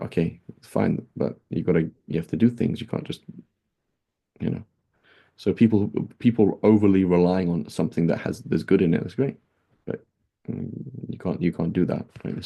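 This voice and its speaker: A man's voice: low-pitched, creaky, mellow, husky. A man teaching a casual religious lesson, talking conversationally with many fillers and rhetorical "right?" questions. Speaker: Islamic teacher. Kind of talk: casual classroom lecture.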